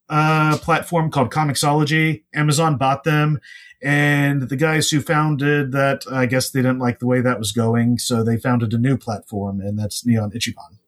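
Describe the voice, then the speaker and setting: A man's voice: a little high, fairly bright tone. A man who is a guest on a podcast, a comics writer, chatting casually and rambling with lots of filler sounds.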